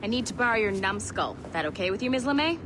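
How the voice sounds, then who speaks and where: An actress playing a sharp-tongued, sarcastic female tech agent in a video game, with steady ambient noise behind. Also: medium pitch, lightly acted. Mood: brisk. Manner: brisk, sarcastic.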